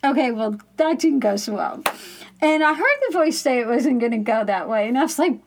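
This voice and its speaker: Candid woman with a gravelly voice. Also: a little high, expressive, moderate pace, soft background music. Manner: candid, rambling storytelling with frequent laughs. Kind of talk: casual faith talk, personal story.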